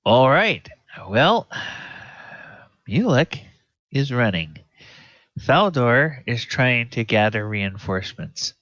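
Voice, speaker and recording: A man's voice: mid-range voice, big pitch swings, takes it slowly, a bit bright, no echo. A man running a tabletop game as dungeon master, hesitant with many fillers, on a muffled recording.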